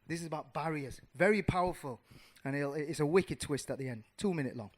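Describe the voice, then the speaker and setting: A fairly high-voiced man in his thirties tells a story to a room, animated and slangy. He stumbles, restarts and fills gaps with "uh", then surges with energy. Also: brisk. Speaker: audience member. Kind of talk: casual storytelling.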